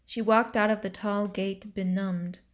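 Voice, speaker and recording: A woman narrating a storybook chapter for students at a slow, unhurried pace. Her reading is calm and deliberate, in a mid-range voice. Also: mid-range voice.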